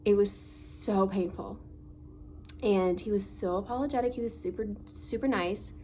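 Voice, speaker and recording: A woman's voice: mid-range voice, moderate pace, dark tone, slight background noise, poor audio. A woman vlogger telling a personal story to camera in a casual, chatty way, full of "like" fillers, talking through a swollen, sore face. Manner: earnest, faith-minded reflection.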